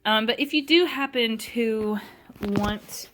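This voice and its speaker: A woman's voice: fairly high pitch, slow pace, a bit bright, a little hiss or hum. Chatty woman giving a studio tour. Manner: chatty, many fillers and restarts. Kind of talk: casual chat.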